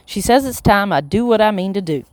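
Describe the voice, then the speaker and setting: A reader voicing a grand, theatrical elderly matriarch who speaks slowly and pompously. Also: mid-range voice, lively intonation, no echo, natural voice. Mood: stately.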